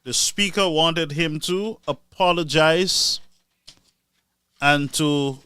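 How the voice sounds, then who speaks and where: A man giving impassioned political commentary on a live stream, animated and mocking, swinging between loud outbursts and low asides. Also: slow pace, clear, resonant tone, no echo.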